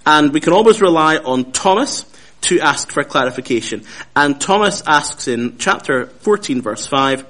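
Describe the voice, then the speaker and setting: A man delivers a sermon to his listeners, pacing it with measured phrases. His voice sits somewhat high, and he leans into key words by repeating them. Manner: measured, lively emphasis with frequent repetition. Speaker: preacher.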